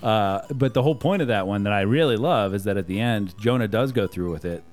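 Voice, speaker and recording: A man with a fairly low voice talks through Bible stories in a relaxed podcast conversation. He thinks out loud, circling back with fillers and restarts. Faint music sits quietly behind him. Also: fairly quick. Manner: thoughtful, rambling, with fillers and restarts. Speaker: podcast co-host. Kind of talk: casual chat about the Bible.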